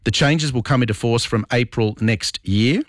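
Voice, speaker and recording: An Australian man hosts talkback radio, his voice sitting at an ordinary middle pitch. He talks bluntly and with firm opinions, picking apart listeners' messages. The studio sound is dry and close, with no room echo. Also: normal speed. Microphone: broadcast studio mic.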